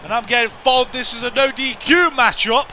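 A man doing excitable, indignant play-by-play commentary for a video game wrestling show, often repeating himself. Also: very high-pitched, brisk, slight background noise.

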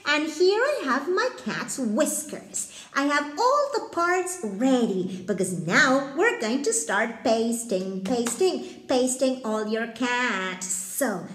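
Woman, high lively voice, cheerful children's teacher, echoey room. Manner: sing-song, slow and clear, cheerful. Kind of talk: playful craft lesson for small children.

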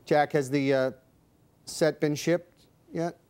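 A man's voice: on the high side, slow pace, clean tone. Wry male panel show host. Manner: dry, wry delivery with deadpan asides. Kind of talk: comedic panel show hosting.

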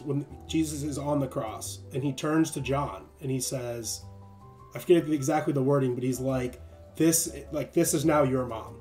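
A man hosting a livestream, chatting casually and laughing often while retelling stories with animated voices. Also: mid-range voice, normal speed, faint music behind. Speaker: livestream host. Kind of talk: casual chat.

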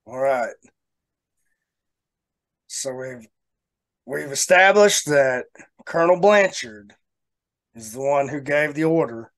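A man co-hosting a podcast, telling a long story in a casual, animated way and laughing often. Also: mid-range voice, slow, long pauses, no room sound. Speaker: podcast co-host.

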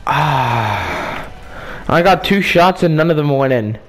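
A young man talking over a football video game, frustrated and swearing, with bursts of yelling. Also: a little high, lively intonation, takes it slowly, faint music behind. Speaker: gaming streamer. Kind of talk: casual gameplay commentary.

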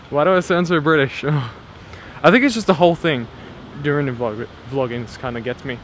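A man's voice: fairly high pitch, lively intonation, measured pace. A young man, vlogging casually through city streets and a park, swearing a lot and often laughing. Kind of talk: casual handheld travel vlog. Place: outdoors in busy city streets, station and park. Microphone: camera on a small tripod. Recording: clear street noise behind.

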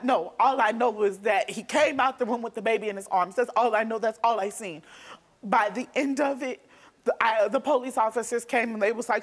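Young woman telling her story fast. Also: mid-range voice. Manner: rapid, emotional storytelling with restarts. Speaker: talk show guest. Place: TV studio stage.

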